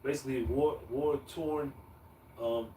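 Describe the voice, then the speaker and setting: Speaking at a mid-range pitch with a steady, warm tone and a slightly slow pace, a scripture reader reads verses aloud and talks them over loosely, full of fillers. The casual street preaching is recorded with echo, a distant mic, faint ambience, and a little hiss or hum.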